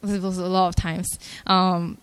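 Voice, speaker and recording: A young woman from Malaysia, giving an earnest and softly emotional personal faith testimony at a church gathering, hesitant and full of filler words. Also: fairly low pitch, little pitch movement, unhurried, clear, resonant tone, no echo.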